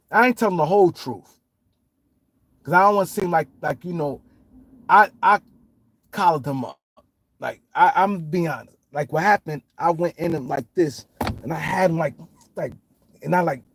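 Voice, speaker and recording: A man's voice: a little high, slightly rough, dry recording. A man telling a story in a rambling, casual way, full of street slang and restarts. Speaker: guest telling his life story.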